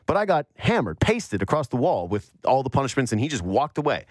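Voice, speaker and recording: A man from the Yukon, a sports radio host, telling a long personal story in an animated, storytelling way. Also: medium pitch, a little fast, dry recording, studio quality. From Yukon, Canada. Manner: animated storyteller, mocks whiny voices. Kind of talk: storytelling monologue.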